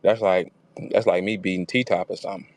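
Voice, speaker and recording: A man hosting a casual battle rap talk space, profane and animated, slipping into mocking voices when he quotes people. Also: sits low, fairly quick, no room sound. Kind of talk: casual chat. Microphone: online audio room.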